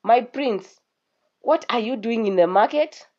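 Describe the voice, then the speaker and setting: A woman's voice: on the high side, expressive, a little slow, darkish tone. A woman voicing a nosy young maiden. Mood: prying. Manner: prying, disapproving. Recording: dull lo-fi recording.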